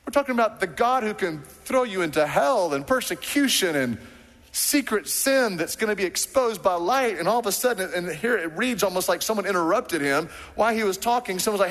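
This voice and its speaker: A man preaching a sermon to a congregation, animated and playful, acting out the people in the passage he reads. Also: high voice, a little fast. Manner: animated, acts out quoted voices. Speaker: pastor. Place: church sanctuary. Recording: long hall reverb.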